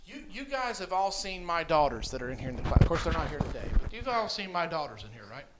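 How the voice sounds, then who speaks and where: Man, church class teacher, animated and coaxing, slight noise behind. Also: fairly high pitch, quick pace. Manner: coaxing, asks questions over and over. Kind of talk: children's catechism class.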